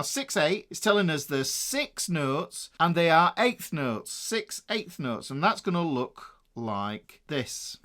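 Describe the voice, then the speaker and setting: Northern English man teaching guitar rhythm. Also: fairly bright tone. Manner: explains then counts beats aloud, trailing off lower. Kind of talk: music lesson.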